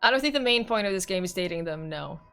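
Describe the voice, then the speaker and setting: A woman streamer reading a visual novel aloud with expressive narration and laughing commentary. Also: mid-range voice, fast, clean tone, soft background music.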